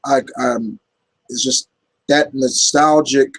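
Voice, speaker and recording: Casual male Q&A host, mid-range husky voice, rambling and filler-heavy. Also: medium pitch, steady tone, slow, a bit bright, low-quality recording. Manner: rambling, many fillers and restarts. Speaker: YouTube Q&A host. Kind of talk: casual Q&A chat.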